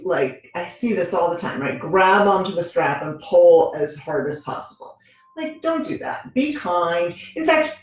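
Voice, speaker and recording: A woman teaching a gentle yoga class, talking the students through each pose in a relaxed, conversational way and often checking in with "right?". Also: mid-range voice. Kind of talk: guided yoga instruction. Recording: very echoey room with faint music.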